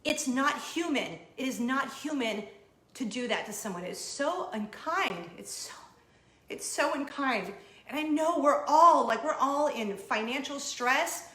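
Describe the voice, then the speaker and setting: A woman in her thirties tells a story to camera, her voice bright and a touch high. She gets emotional and animated and jumps up sharply when she quotes herself. The room around her rings with echo. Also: measured pace. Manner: emotional and expressive, high excited quoting. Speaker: vlogger, show host. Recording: echoey room.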